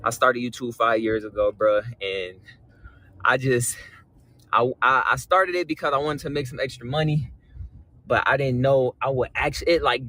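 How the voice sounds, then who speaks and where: A young man filming a vlog about buying his new truck, hyped and slangy, shouting with joy, at a dealership and inside the truck on a phone camera. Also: medium pitch, rough recording. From Michigan. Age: young adult. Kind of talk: excited vlog clip. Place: truck dealership lot, outdoors and in a truck.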